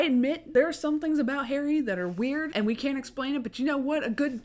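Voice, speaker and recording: A woman's voice: high-pitched, animated, fairly quick, hardly any pauses. Chatty young woman with a scratchy throat. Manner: chatty, swears casually, briefly mimics characters. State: coming down with a cold, scratchy throat. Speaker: book breakdown video host. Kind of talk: casual chapter-by-chapter retelling.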